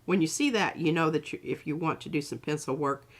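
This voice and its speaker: A woman artist demonstrating on a livestream, chatting casually and thinking aloud, often trailing off mid-sentence. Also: low voice. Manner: halting, trailing off, thinks aloud while working. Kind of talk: casual craft demo chat.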